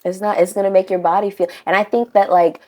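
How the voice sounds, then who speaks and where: A woman co-hosting a podcast in casual chat, blunt and animated, swearing freely. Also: medium pitch, fast talker. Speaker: podcast co-host.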